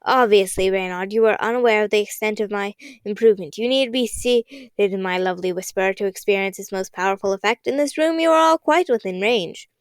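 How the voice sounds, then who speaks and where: A woman's voice: medium pitch, a little fast, clean tone, no room sound, studio quality, natural voice. Woman doing a smug storybook villain who mocks and cackles. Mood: mocking. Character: gloating villainous older man inventor.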